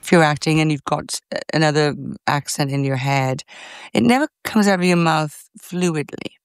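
A Welsh woman actor answering an interview question, talking fast with lively energy. The recording is dry and close. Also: sits low, dry recording.

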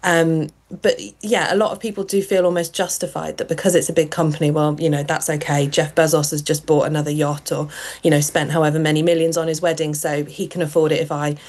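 A woman, a journalist, explaining her reporting in a measured radio discussion with frequent ums. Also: low voice, little pitch movement, darkish tone. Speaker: journalist guest.

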